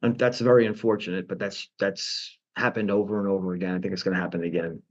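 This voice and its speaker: Animated man on a dull lo-fi line. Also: sits low, fast. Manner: animated, restarts often, mocking quotes. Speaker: guest, portfolio manager. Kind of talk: financial interview.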